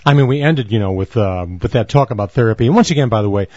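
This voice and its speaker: A man's voice: mid-range voice, fast talker, darkish tone, no echo, lo-fi sound. Wisecracking man trading banter, stammering. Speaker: podcast co-host. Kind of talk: casual comic banter.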